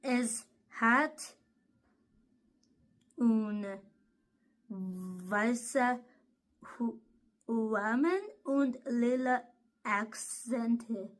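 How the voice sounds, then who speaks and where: A woman vlogging in a casual way, talking haltingly and repeating herself. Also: fairly high pitch. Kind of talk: casual vlog chat.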